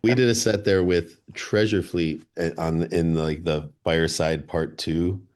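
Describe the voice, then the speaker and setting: A man's voice: sits low, steady tone, a little slow, a little mellow. A man from the Chicago area, a band member guest in a radio studio, telling rambling anecdotes with many restarts. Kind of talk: casual interview storytelling.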